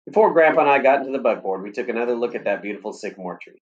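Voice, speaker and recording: A man reading a story aloud in steady, plain audiobook narration. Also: mid-range voice, very fast, dull audio.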